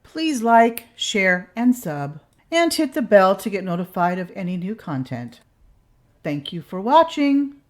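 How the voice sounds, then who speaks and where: A woman's voice: medium pitch, big pitch swings, a little slow. A woman hosting a commentary channel, talking in a sarcastic, exasperated reaction style.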